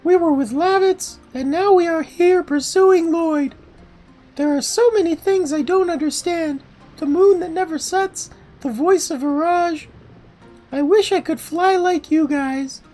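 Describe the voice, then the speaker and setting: Shauna, a man doing a high falsetto girl voice. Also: measured pace, darkish tone, soft background music. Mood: wistful. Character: earnest young woman, wistful and soft-hearted. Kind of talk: reading game dialogue in voices.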